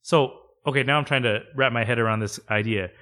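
Man, podcast co-host, casual chat, quick bursts, frequent laughs. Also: medium pitch, bright, forceful tone.

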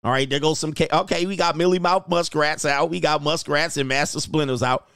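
A man doing casual reaction commentary as a YouTube commentator, slangy and prone to loud exclamations. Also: fairly high pitch, steady tone, a little fast, clean tone, no room sound, clean studio sound.

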